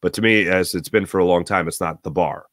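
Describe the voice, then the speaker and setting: A man hosting a live morning sports talk show, giving opinionated, rambling takes with sudden animated bursts. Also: low voice, a little fast, no room sound, clean studio sound. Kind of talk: solo sports radio monologue.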